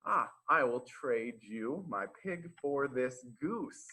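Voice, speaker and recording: A man's voice: medium pitch, animated, slow pace, pushed and bright, full character voice, low-quality recording. A man voicing a simple, easily pleased young man who talks to himself in delight during a children's storytime read-aloud. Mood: cheerful.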